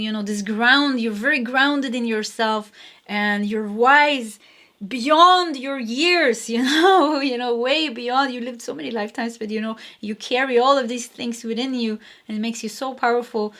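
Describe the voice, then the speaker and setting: Chatty higher-pitched woman tarot reader. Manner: chatty, rambling, frequent "you know" and soft laughs. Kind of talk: casual spoken tarot reading.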